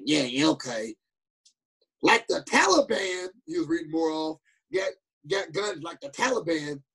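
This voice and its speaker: A young man chatting casually, telling animated, slangy stories and acting out the quotes. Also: on the high side, breathy edge, rough recording. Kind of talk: casual chat.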